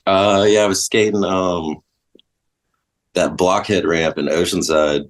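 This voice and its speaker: A man telling stories in a relaxed, casual way, swearing freely and saying "like" a lot. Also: deep voice, unhurried. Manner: laid-back, swears freely, lots of likes. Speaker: guest. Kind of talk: casual storytelling.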